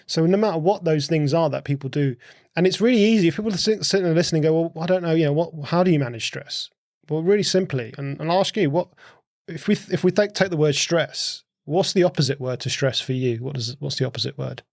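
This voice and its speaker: A man, a guest on a podcast, explaining things in a relaxed chat by asking rhetorical questions and often repeating words as he thinks. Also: a little high, quick pace, gravelly, no room sound, clean studio sound. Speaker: podcast guest, host's husband. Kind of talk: casual conversational explaining.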